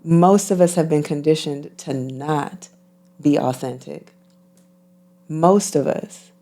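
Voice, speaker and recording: Woman guest, low mellow voice with fry, unhurried and reflective. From United States. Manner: measured, repeats phrases for emphasis. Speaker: guest, intuitive healer and physician. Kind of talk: reflective interview talk.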